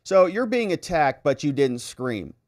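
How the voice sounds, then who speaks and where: A man's voice: on the high side, very animated, a little slow, no room sound, clean studio sound. A man quoting a pushy cross-examining attorney. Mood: pressing. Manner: pressing, sarcastic questioning. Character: blunt, pressing male defense attorney.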